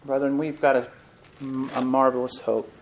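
A man preaching a sermon, reading scripture in old-fashioned wording, swelling loud and then dropping almost to a hush. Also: mid-range voice, flat delivery, moderate pace, a little hiss or hum.

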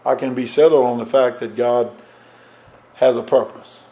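A man preaching a sermon with a fervent, repetitive cadence, climbing higher and louder on emphatic points and dropping low and soft on reflective ones, with halting restarts. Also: steady tone, low-quality recording. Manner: rises in pitch and force on emphatic points, drops low and soft on reflective lines.

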